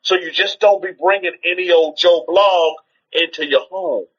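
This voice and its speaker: On a livestream, a man with a high voice preaches in a loose teaching style, urging his listeners on, repeating rhetorical questions and frequently restarting sentences. His tone is steady and his pace normal, though the recording has its highs cut off.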